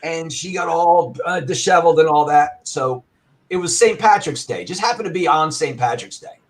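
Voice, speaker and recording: Man, storyteller, loud bellowing bursts, fairly high pitch. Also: normal speed. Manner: loud, bellowing when acting out his anger. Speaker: arcade owner and guest. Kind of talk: animated storytelling.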